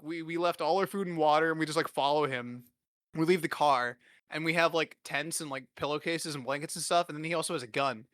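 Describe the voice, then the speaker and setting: A man's voice: on the high side, a bit bright, dry recording, studio quality. A man in his twenties hosting a podcast, telling rambling, profane, self-deprecating stories in a casual comedic way. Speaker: podcast host.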